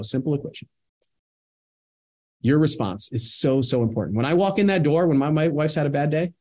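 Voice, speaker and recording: Energetic motivational male speaker. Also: on the high side. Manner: energetic, talks in bursts with many "right?" asides. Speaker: real estate investing coach. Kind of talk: motivational talk.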